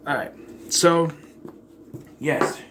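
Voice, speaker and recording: A man's voice: fairly high pitch, drawn-out words, a bit bright, a little hiss or hum. A man giving a casual, rambling movie review in a sarcastic, blunt way.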